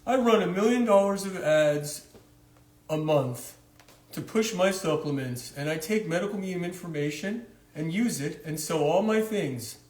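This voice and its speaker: A man voicing a slick male doctor who pitches his supplements in a smooth, salesy voice. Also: lively intonation, moderate pace, a little mellow, far from the mic. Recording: roomy echo.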